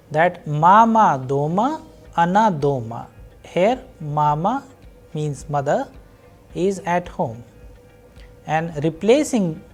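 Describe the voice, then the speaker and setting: A woman teaching a recorded university lesson, explaining slowly and patiently and repeating each example. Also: lowish voice. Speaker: language teacher.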